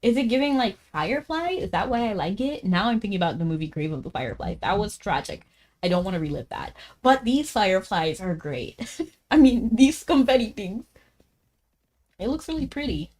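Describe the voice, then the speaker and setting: A woman game streamer chatting casually as she plays, talking fast, laughing often and saying "like" a lot. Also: mid-range voice, sing-song, darkish tone. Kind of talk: casual live-stream chat while gaming.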